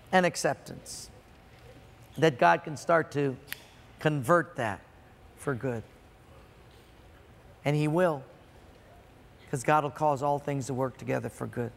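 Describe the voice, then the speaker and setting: A man preaching a sermon to a congregation, dramatic, swinging between loud emphasis and quiet, drawn-out words. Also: on the high side. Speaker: pastor. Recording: long hall reverb.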